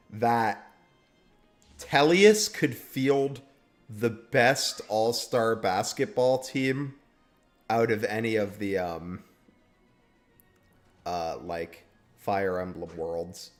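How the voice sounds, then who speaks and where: A man's voice: fairly low pitch, slow pace, pauses often, soft background music. Rambling young man streaming a game. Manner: rambling, trailing off with fillers. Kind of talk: casual stream chat.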